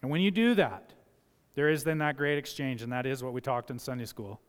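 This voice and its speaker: A male pastor preaching a sermon in a church, emphatic, moving from quiet asides to loud passages and acting out the voices he quotes. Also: medium pitch, brisk, in a large hall. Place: church sanctuary.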